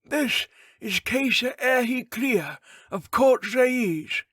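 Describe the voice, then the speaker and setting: High booming monarch, stately, slow, dry studio sound. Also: male voice, expressive, pushed and bright, dry recording, full character voice. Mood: regal. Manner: proclaiming, stately royal "we". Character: loud high-voiced male ruler, regal and formal. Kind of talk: audiobook character voice.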